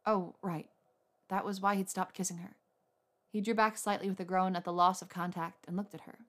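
A woman narrating a romance story aloud in a soft, unhurried reading voice. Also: mid-range voice, flat delivery. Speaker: audiobook narrator.

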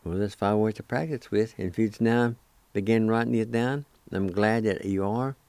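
A man's voice: lowish voice, fairly even intonation, moderate pace, a little mellow, clean tone, dry recording. A man hosting a radio language lesson, patiently spelling and repeating each word syllable by syllable. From Cherokee Nation, Oklahoma. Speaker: radio host teaching language. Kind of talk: slow spelling and pronunciation lesson.

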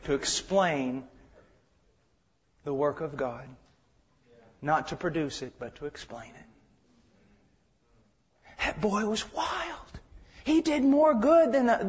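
Impassioned high-voiced preacher in a hall. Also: male voice, slow pace, long pauses. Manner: impassioned, swinging from shouts to hushed tones. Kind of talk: sermon. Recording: dull lo-fi sound with long hall reverb.

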